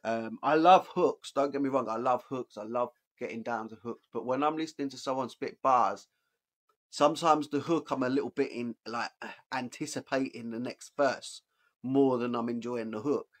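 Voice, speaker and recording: A man hosting a music reaction video, giving casual and excited commentary, swearing freely and stopping to point out moments he likes. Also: mid-range voice, normal speed.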